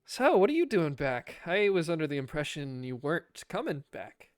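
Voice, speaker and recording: A man voicing a brisk, businesslike female officer who talks matter-of-factly. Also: low-pitched, very animated, no room sound, studio quality.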